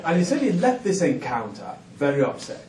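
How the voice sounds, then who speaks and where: A middle-aged author on a festival panel tells humorous stories to a live audience in an event hall, his fairly high voice very animated and a little fast. He chuckles often and pokes fun at himself. The roomy hall and distant mic pick up ambient noise.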